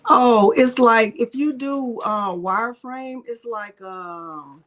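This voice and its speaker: Speaking slowly in a slightly high, somewhat bright voice, this woman hosts a craft channel's casual live tutorial. She talks through every click, responds to chat messages, and now and then mutters quietly to herself.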